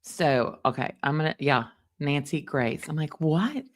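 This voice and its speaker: A middle-aged woman, chatting casually with livestream viewers in an animated, storytelling way. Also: low voice, unhurried. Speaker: livestream host recapping a trial. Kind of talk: casual chat with live viewers.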